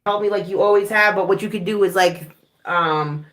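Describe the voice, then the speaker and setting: A woman talking fast in a played video clip, worked up as she recounts drama. Her pitch is middling. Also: fairly bright tone. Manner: heated, rapid storytelling. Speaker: content creator in a played clip.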